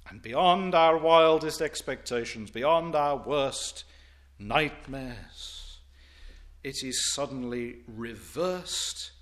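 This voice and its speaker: A male preacher delivering a sermon, swinging from loud declaiming to hushed reverence. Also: medium pitch.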